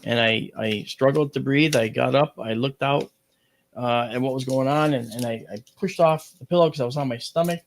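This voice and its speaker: A man with a gravelly voice, pitched in the ordinary male middle range, spins a personal tale as a talk show guest with animated energy. His lively telling rambles and restarts, full of fillers, at normal speed with slight background noise.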